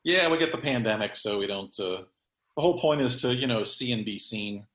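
A man's voice: fairly low pitch, animated, fairly quick, fairly bright tone, roomy sound, rough recording. A man hosting a podcast in casual chat, rambling with many fillers and restarts. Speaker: podcast host.

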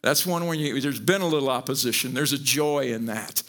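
A middle-aged man preaching a sermon, animated and joking, often repeating his words as he goes. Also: medium pitch, brisk. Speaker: pastor.

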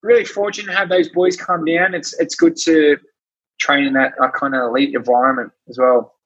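A man's voice: a little high, little pitch movement, a little fast, fairly bright tone, slight background noise. A man, a gym trainer chatting as a podcast guest, rambling through stories with lots of restarts and acted-out quotes. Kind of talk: casual storytelling chat. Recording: dull, muffled podcast audio.

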